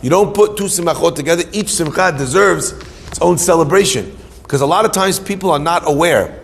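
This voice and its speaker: A middle-aged man preaches a storytelling sermon to a live audience, with a gravelly voice pitched a little high. He asks questions and answers them himself, mixing Hebrew terms into his talk. His voice rings with the long echo of a hall. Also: expressive, fairly quick, slight background noise. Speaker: rabbi teaching Torah.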